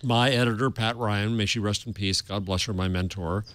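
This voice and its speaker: A man's voice: lowish voice, steady tone, normal speed, fairly bright tone, no room sound. A man co-hosting a casual tech podcast, telling pointed stories from his career with restarts and repeated words. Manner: opinionated storyteller, repeats words when starting. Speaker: co-host.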